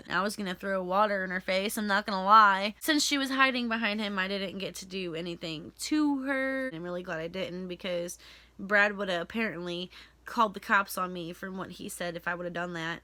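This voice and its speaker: A woman's voice: medium pitch, fairly quick, sharp tone, no room sound. A young woman telling a story-time vlog, heated and ranting with lots of swearing. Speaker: vlogger.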